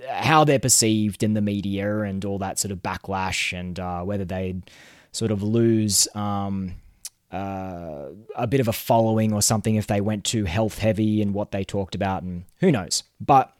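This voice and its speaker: Earnest low-voiced male podcast host. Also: moderate pace, dry recording, clean studio sound. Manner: earnest, chatty, many fillers and restarts. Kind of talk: solo podcast monologue.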